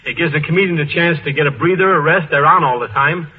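A man's voice: a little high, quick pace, husky. A man, a comedy writer, joking easily on an old radio panel show. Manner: joking, easygoing. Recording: muffled old radio broadcast with hiss.

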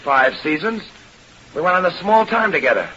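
An actor playing a brash young vaudeville dancer who talks in slangy, ungrammatical street speech, in 1930s radio-drama style. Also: male voice, on the high side, lively intonation, moderate pace, sharp tone. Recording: dull, hissy old radio transcription.

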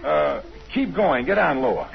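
A man performing in 1930s radio acting style, talking in a quick, animated, coaxing way, in a dull lo-fi old radio recording. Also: fairly high pitch, gravelly.

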